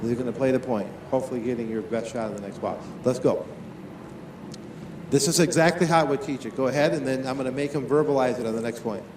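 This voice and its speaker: A man teaching tennis in a live on-court demonstration, talking to his players and to watching coaches with quick, lively questions. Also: mid-range voice, echoey room, noisy background.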